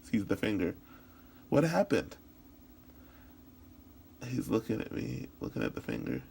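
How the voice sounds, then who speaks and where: Male interpreter voicing a signed first-person story for practice; gravelly fry, halting delivery with restarts. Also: on the low side, sing-song, darkish tone, slight background noise. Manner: halting, with frequent restarts and repetitions.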